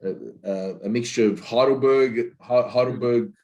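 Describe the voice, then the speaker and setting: A man's voice: mid-range voice, normal speed, a little mellow, dull audio. A man hosting a casual interview, prompting with questions and short backchannel replies. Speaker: interview host.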